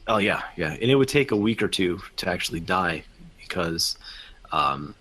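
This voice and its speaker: Deep-voiced male podcast co-host, rambling casual explainer. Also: lively intonation, normal speed, pushed and bright. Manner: rambling explainer, hedging with likes and rights.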